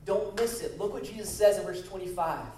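A man's voice: high voice, fairly quick, dark tone, a little hiss or hum. A man preaching as a guest speaker, leading a prayer and stressing key phrases by repeating them. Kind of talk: sermon. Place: church sanctuary. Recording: echoey hall, voice from a distance.

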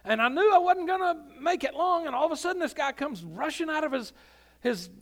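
A man doing a high, frantic falling man. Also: animated, brisk, fairly bright tone, full character voice. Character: panicked man recounting a deadly fall.

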